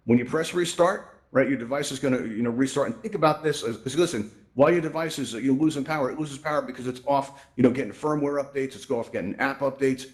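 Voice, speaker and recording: Fast-talking man hosting a VR how-to. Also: medium pitch. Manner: conversational, lots of "right?" and "you know" fillers. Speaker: event host and presenter. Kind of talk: casual live presentation in virtual reality. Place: virtual reality social space.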